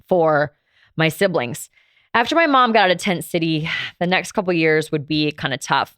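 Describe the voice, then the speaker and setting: Woman in her 30s, low smooth voice, chatty candid storytelling, lots of ums, dry close mic. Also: a bit bright, no echo. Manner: candid, conversational, frequent fillers. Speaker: podcast host. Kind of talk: personal storytelling monologue.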